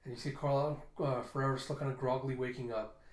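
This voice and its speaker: A man casually narrates a comic book, describing panel after panel and dropping fillers as he goes. His pitch sits at a middling level. The recording has a roomy echo. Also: fairly even intonation, fast talker. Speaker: comic readthrough host.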